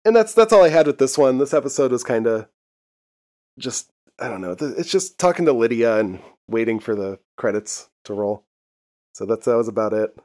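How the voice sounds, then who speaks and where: A young man co-hosts a podcast, casually recapping a TV episode while laughing a lot and swearing freely. His mid-range voice is animated and a little mellow, moving at a normal speed.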